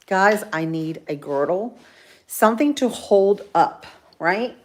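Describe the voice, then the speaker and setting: On a livestream, a female vlogger talks slowly in an animated, mid-range voice. She is chilled from the cold and chats casually, reading out viewer comments and answering them.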